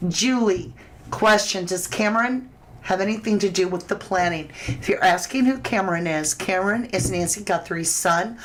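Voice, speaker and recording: A woman's voice: medium pitch, moderate pace, poor audio. A woman hosting a live tarot reading, chatting through viewers' questions in a conversational way. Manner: chatty and conversational, with frequent restarts and fillers. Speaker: tarot reader host.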